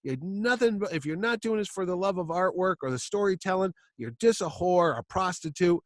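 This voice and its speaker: A man's voice: high voice, lively intonation, fairly quick, no echo, studio quality, voice pushed up. A man doing a sputtering, preachy older artist. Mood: lecturing. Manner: sputtering, repeats words in bursts. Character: exasperated older male artist, lecturing and preachy.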